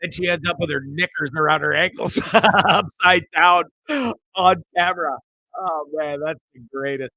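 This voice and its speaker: A man's voice: on the high side, normal speed, vocal fry, bright, forceful tone, no room sound. A man hosting a show, casually commenting on videos with frequent swearing, stammered repeats and laughter. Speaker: show host.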